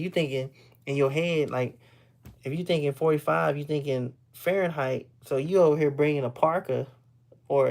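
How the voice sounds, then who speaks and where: With a mid-range, slightly mellow voice, this man from Texas talks with his live-stream audience. His chat wanders, he repeats himself, and laughter comes often.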